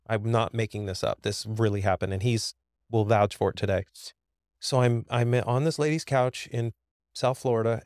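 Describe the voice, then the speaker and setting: A man's voice: medium pitch, darkish tone, no echo, studio quality. A man in his fifties, a podcast guest telling a personal story in an earnest, emphatic way, often repeating words as he goes.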